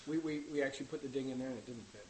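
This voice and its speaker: A man's voice: medium pitch, racing, a little mellow, a little hiss or hum, low-quality recording. A man, the episode's director, chatting easily on a commentary and explaining how they work. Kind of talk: casual commentary chat.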